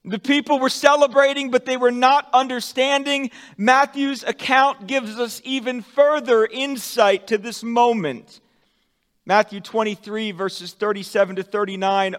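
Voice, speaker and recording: A pastor preaching a sermon, with dramatic swings from loud emphatic peaks to hushed, soft endings. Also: male voice, high-pitched, fairly even intonation, moderate pace, big-room sound.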